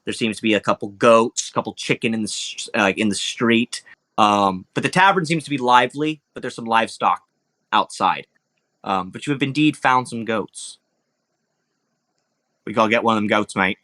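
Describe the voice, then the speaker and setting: A man's voice: mid-range voice, expressive, normal speed, sharp tone. A young man running a tabletop game as dungeon master, narrating casually with many fillers and restarts. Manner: rambling, filler-heavy, laughing.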